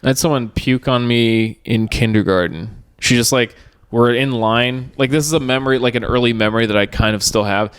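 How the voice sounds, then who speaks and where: A man's voice: mid-range voice, a little fast, few pauses, fairly bright tone, smooth. A young man co-hosting a podcast, chatting loosely with lots of swearing and laughter. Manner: loose, profane, laughs often. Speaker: podcast co-host. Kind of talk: casual chat.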